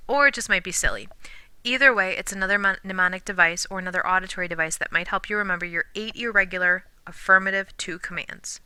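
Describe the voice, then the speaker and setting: A woman teacher explains grammar patiently, slowing down to sound out example words. Her voice is very bright and smooth, and the recording is dry and close with no room sound. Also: medium pitch, dry recording. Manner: clear, patient explaining with slow modeled pronunciations; drops to a whisper when counting syllables. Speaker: Spanish teacher. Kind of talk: recorded classroom lesson.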